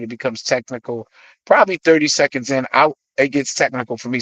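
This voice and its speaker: A middle-aged man from the Bronx with a New York accent, a guest on a radio show, telling his stories with animated energy and acting out the voices he quotes. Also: medium pitch, dry recording, muffled recording. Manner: animated storyteller who acts out quoted voices. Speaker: guest, hip-hop artist. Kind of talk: radio interview storytelling.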